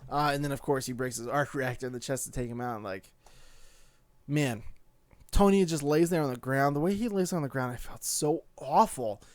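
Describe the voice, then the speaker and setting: Excitable young man reviewing a movie. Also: medium pitch, moderate pace, no echo. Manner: excitable, gushing, fillers like "like" and "dude". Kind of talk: casual spoken movie review.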